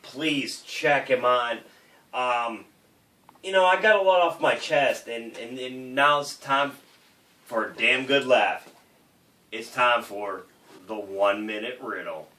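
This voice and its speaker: A man's voice: medium pitch, slow, bright, forceful tone, echoey room, distant mic. A man hosting a comedy show, with loose, crude, rambling banter. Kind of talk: casual banter.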